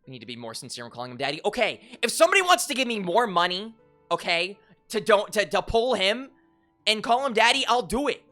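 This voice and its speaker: An excitable streamer talking casually on a live stream, with a bright voice and a lively swing in pitch. The talk is joking and crude, jumping high and loud when worked up. Faint game music sits under the voice. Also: fast.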